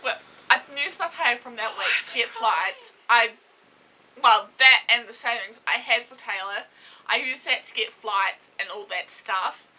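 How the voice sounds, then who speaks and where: Seated in front of her camera, a young woman shares a personal story in a fairly high, sharply bright voice. She speaks casually in a story-time vlog, pausing and restarting as she fights back tears. The camera mic gives poor audio.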